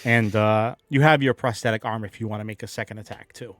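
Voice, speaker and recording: A man running a tabletop game as game master, narrating combat in a lively way and adding sound effects. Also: on the low side, fast talker, no echo, clean studio sound.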